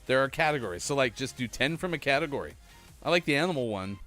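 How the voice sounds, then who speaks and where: A man's voice: medium pitch, expressive, fast, bright, forceful tone, soft background music. A man hosting a casual morning show, chatty and laughing at his own jokes. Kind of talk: casual live-stream chat.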